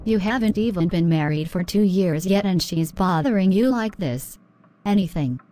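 A woman voicing a caring mother in an animated drama, protective and indignant. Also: fairly low pitch, moderate pace, lightly acted. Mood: concerned.

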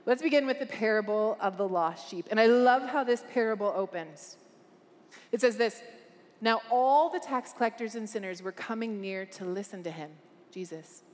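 A woman's voice: medium pitch, moderate pace, big-room sound. A woman speaking at a conference, preaching with earnest emphasis and asking the crowd questions. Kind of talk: preaching a talk. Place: large conference hall.

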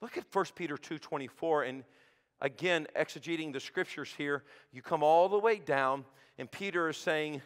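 A man preaching a sermon as pastor, swinging from shouted peaks to hushed low asides. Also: normal speed. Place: church sanctuary. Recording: sanctuary with long reverb.

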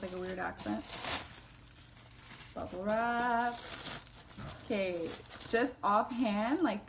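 A woman's voice: medium pitch, background noise. A young woman vlogging casually as she unboxes a camera, bubbly and chatty, full of fillers and self-deprecating asides.

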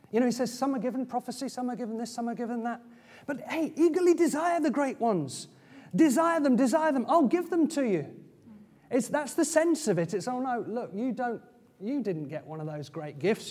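Guy preaching in a church, fairly high voice, chatty and off the cuff, lots of hall echo. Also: a little mellow. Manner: conversational preaching with asides and restarts. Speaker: pastor. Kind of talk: sermon. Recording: church hall with long reverb.

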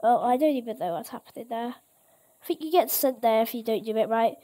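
A woman host giving casual gameplay commentary, excitable and exclaiming at each surprise. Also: a little high, a little fast. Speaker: gaming channel host.

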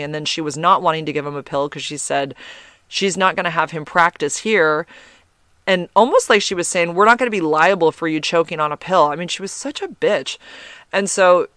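A man's voice: a little high, fairly bright tone, smooth, no echo, studio quality. A man hosting a podcast, chatting loosely through a personal story with lots of "like" and blunt swearing. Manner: chatty, rambling, peppered with "like" and frank swearing. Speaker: podcast host.

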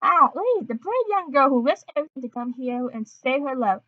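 A woman voicing an eager French TV reporter with a high, put-on accent, on a dull lo-fi recording. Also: animated, a little fast, dry recording.

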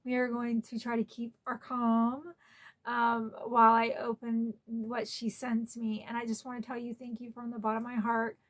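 A woman's voice: fairly high pitch, completely flat delivery, normal speed. A woman hosting a casual unboxing vlog at home, chatty and openly emotional, close to tears at times. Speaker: collector channel host.

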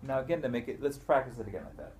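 A man's voice: medium pitch, lively intonation, very fast. A man teaching rhythm in a one-on-one music lesson, patiently explaining step by step and counting beats and chanting rhythm syllables aloud. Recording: noisy room recording.

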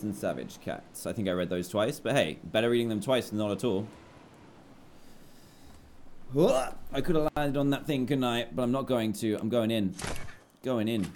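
A man's voice: mid-range voice, darkish tone, slight background noise. Chatty British man streaming a game. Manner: chatty, reads out donor names, apologetic. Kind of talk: live game stream commentary.

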